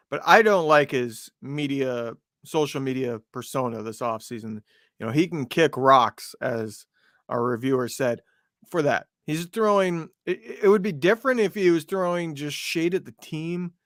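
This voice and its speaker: Male podcast co-host, slightly higher voice, opinionated casual talk, dry mic. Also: no echo. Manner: opinionated, lots of fillers and restarts.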